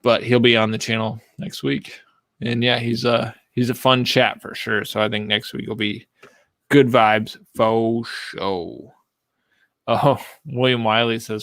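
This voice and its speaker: A man hosting a casual live-stream podcast, rambling and animated, with lots of fillers. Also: medium pitch, measured pace, no room sound, clean studio sound. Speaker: podcast host.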